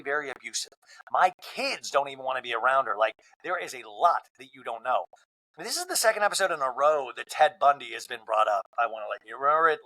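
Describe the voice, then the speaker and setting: A fairly high-voiced young man talks through a reality show recap on his podcast. His pitch swings widely as he quotes the cast one line after another, and he swears freely in a loose, chatty way. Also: poor audio. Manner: animated and profane, quoting the cast in quick back-and-forth. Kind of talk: casual solo podcast recap.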